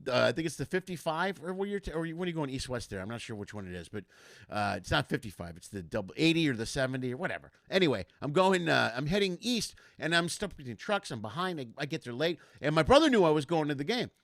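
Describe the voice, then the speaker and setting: A man with a bright, forceful voice hosts a casual comedy podcast, rambling through anecdotes and throwing himself into the quotes. His pitch sits a touch high for a man, and the sound is dry and close. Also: fast talker, no room sound. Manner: rambling storyteller, animated, acts out quotes. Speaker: host.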